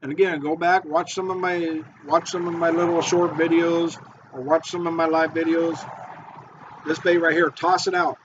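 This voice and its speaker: An excitable man walks through his fishing tips in a casual how-to video, repeating himself as he gets going. His voice sits slightly high for a man. The audio is dull and muffled. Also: moderate pace, background noise. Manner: excitable, repetitive, eager. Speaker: fishing bait maker and charter guide.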